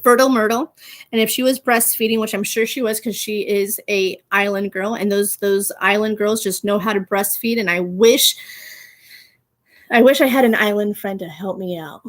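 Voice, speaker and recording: A woman in her thirties hosting a casual pop culture podcast, chatty and animated, laughing often and using playful slang. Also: mid-range voice. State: gets out of breath walking, pregnant. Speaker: podcast host.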